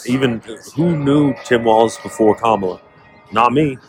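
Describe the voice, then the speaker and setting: A man's voice: mid-range voice, measured pace, a little hiss or hum. A man from Northern California hosting a podcast, telling rambling, profane stories in casual chat. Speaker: podcast host.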